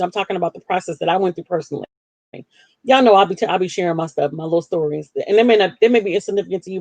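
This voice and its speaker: A woman hosting a live call-in broadcast, talking candidly and self-deprecatingly about her own life. She jumps up in pitch to act out her past self. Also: a little mellow, no room sound. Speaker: livestream host.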